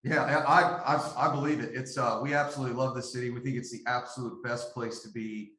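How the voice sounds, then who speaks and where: Male co-host, eager upbeat chat, mid pitch, roomy echo. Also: level tone, brisk, sharp tone. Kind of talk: casual interview chat.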